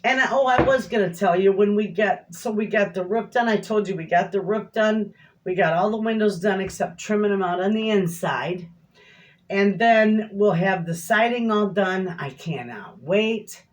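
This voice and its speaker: Chatty middle-aged homestead woman. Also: lowish voice. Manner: chatty, rambling storyteller with folksy phrasing. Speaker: homestead cooking vlogger. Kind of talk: casual chat to viewers. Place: home kitchen.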